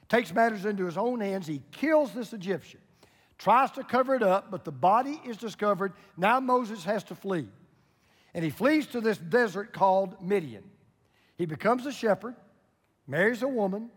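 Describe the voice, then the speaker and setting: A pastor in his sixties gives a folksy, joking sermon to his congregation. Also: high-pitched. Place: church sanctuary. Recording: church hall reverb.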